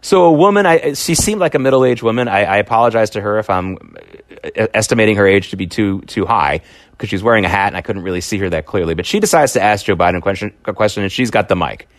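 A man's voice: fairly low pitch, fast, dry recording. A man hosting his own political talk show, talking emphatically with frequent restarts and repeated words. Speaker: podcast host. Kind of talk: solo political commentary.

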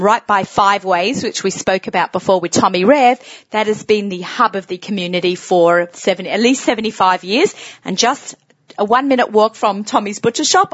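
A woman's voice: medium pitch, dry recording, highs cut off. An American woman hosting a casual radio interview show, chatty, with frequent laughs and many fillers.

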